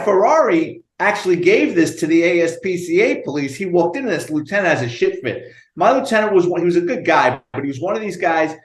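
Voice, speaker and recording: Animated New storyteller, echoey room. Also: male voice, fairly high pitch. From United States. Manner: animated, profane storyteller acting out dialogue. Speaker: retired police detective guest. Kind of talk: storytelling interview.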